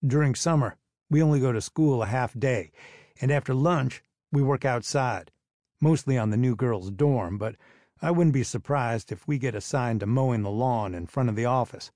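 A man's voice: medium pitch, moderate pace, warm tone, dry recording, clean studio sound. A man narrating a first-person audiobook in a wry, sullen tone.

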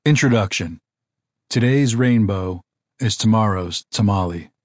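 A man narrating a nonfiction audiobook in a measured, even reading style. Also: lowish voice, no room sound, studio quality.

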